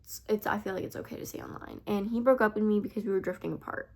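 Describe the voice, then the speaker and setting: A woman's voice: medium pitch, fairly even intonation, fast, a little mellow. A teenage girl telling a personal story in a confessional vlog, rambling and full of "like" and "I feel like". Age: teens. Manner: rambling, heavy use of "like" and "I feel like". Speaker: vlogger.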